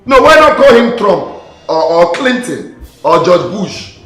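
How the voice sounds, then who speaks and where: Mocking rich boss. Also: male voice, high voice, sing-song, measured pace, fairly bright tone, heavily acted. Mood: scornful. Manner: mocking, contemptuous. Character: scornful rich man berating his gateman. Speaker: wealthy employer. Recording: roomy film audio with faint music.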